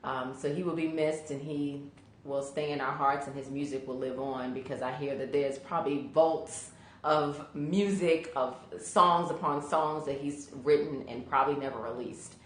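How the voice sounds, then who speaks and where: Low-voiced woman chatting on a live stream. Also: steady tone, moderate pace, roomy sound, slight background noise. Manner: chatty, greets viewers by name. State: sleepy from allergies. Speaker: career coach hosting a live stream. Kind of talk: casual live-stream chat.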